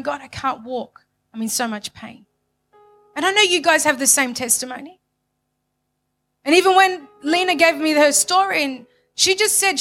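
A high-pitched woman delivers a passionate sermon testimony, hammering phrases again and again. Her voice swings from loud, pushed lines down to hushed ones. Soft music plays faintly behind her. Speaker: church speaker giving testimony.

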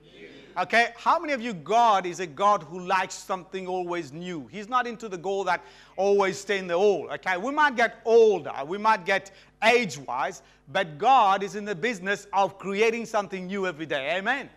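Animated preacher, high and bright. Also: male voice, moderate pace. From Mauritius. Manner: animated, calls for audience responses. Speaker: guest preacher. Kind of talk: sermon.

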